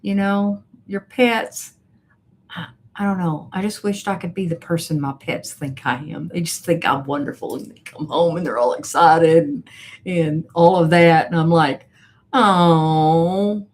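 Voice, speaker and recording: A woman hosting a casual live stream as a coach, reading viewer comments aloud in a chatty, unhurried way with soft laughs. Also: fairly low pitch.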